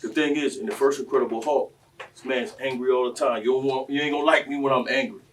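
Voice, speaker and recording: A man, telling stories on a panel in a preachy, impassioned way that swings between quiet and loud. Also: mid-range voice, steady tone, quick pace, distant mic, slight background noise. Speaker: panel speaker.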